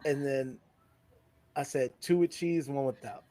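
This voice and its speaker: A man's voice: medium pitch, unhurried, dark tone, no echo. A man co-hosting a podcast, telling a party story in casual chat, acting out the people he quotes with big jumps in his voice and swearing freely. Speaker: podcast co-host. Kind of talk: casual storytelling among friends.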